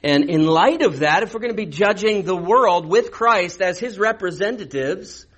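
Conversational preacher, man, higher-pitched. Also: expressive, moderate pace, fairly bright tone, poor audio. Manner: conversational preaching with sudden emphatic bursts. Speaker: pastor. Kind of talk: sermon.

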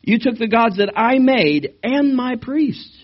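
A male preacher voicing an outraged, self-pitying man who has lost his idols, with a shrill, whining indignation, on a slightly dull recording. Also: unhurried, lightly acted.

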